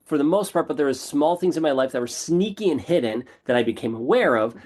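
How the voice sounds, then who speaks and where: Man, podcast guest, casual storytelling, animated, self-deprecating, repeats phrases. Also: a little high, fast.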